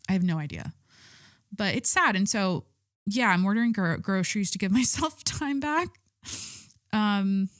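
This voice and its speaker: On her solo podcast, a thirty-something woman talks in a mid-range voice with a dry, studio-quality sound. Her chat is loose and meandering, peppered with curse words and fillers.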